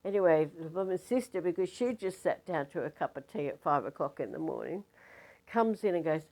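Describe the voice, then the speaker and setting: An older woman, a spiritual teacher telling a story casually in a rambling, animated way with many fillers. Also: deep voice, a little fast, rough recording.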